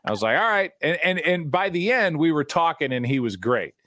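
A middle-aged man, a broadcaster, telling stories in casual chat, animated and restarting his sentences. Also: on the high side, a little fast, a little hiss or hum. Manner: animated, repeats words when starting sentences. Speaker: guest broadcaster. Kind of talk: casual storytelling.

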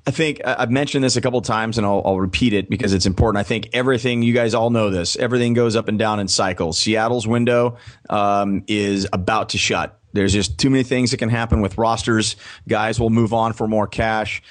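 A man speaking as a guest on a sports podcast, talking in a measured way and spelling out his website slowly. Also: lowish voice, fairly even intonation. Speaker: guest, press box announcer and career coach. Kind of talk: podcast interview.

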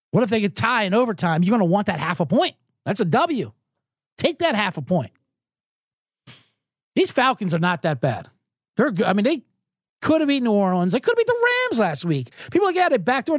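Man, podcast host, sarcastic rants, animated up-and-down voice, dry close sound. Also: sits high, no room sound. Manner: rambling, sarcastic rants with self-deprecating jokes. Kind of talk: solo sports betting podcast with ad reads.

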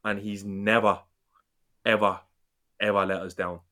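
A man holds forth in a casual football fan chat. His voice sits low and barely rises or falls, even as he gets passionate and rambling. He swears freely as he talks. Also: unhurried.

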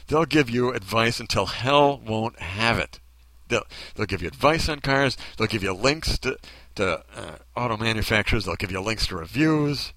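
A man rants in a bitter monologue, throwing out sarcastic rhetorical questions. His voice swings widely in pitch and has a bright, forceful edge. The sound is dry and close, with no room around it. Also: lively intonation, moderate pace, dry recording. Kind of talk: ranting monologue.

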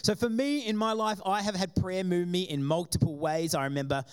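A high-voiced man from Australia preaches to a church congregation. He tells personal stories in a lively way and plays out the voices of the people in them. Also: a little fast, clean tone. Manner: animated storytelling, acting out quoted voices. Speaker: pastor.

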